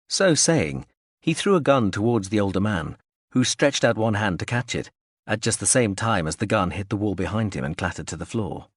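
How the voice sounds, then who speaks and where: Low-voiced man narrating an audiobook. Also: lively intonation, moderate pace, slightly rough, dry recording, studio quality. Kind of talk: scripted narration.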